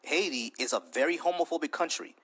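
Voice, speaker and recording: Husky-voiced man hosting a heated debate. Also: fairly high pitch, fairly bright tone. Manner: interrupts, repeats words rapidly, swears freely. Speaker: debate stream host.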